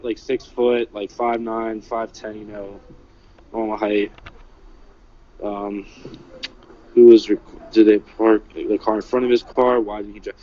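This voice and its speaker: A man telling what he witnessed in a casual livestream, halting and full of "like" and "you know". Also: medium pitch, darkish tone, highs cut off. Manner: halting, filler-heavy, many "like" and "you know". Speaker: eyewitness recounting an event. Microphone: phone.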